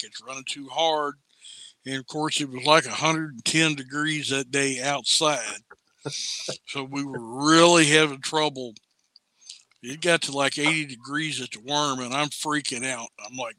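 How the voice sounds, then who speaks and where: A man, a guest distiller, telling stories in a casual, blunt, salty way that turns animated when he retells events. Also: mid-range voice, normal speed, no echo. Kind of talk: casual storytelling.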